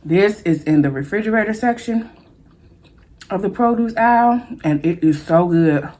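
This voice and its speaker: A woman's voice: mid-range voice, animated, normal speed, mellow. A woman hosting a mukbang food vlog, chatting casually to her viewers as she eats. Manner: chatty, addresses viewers as y'all, eats between words. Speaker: food vlogger.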